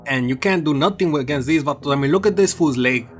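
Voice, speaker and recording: A man's voice: on the high side, quick pace, faint music behind. A man doing a comedic anime episode recap, mixing in Spanish slang and playful put-on voices.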